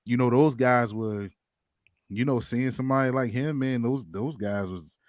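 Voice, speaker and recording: A man on a casual podcast, excitedly telling a story with lively quotes. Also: mid-range voice, normal speed, no room sound, studio quality.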